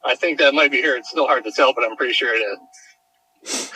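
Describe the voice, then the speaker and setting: A man's voice: mid-range voice, fairly quick, pauses often, noisy background. A man on a phone call outdoors at night, searching a field for his lost dog and calling out to her. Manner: calls out loudly and warmly to a dog.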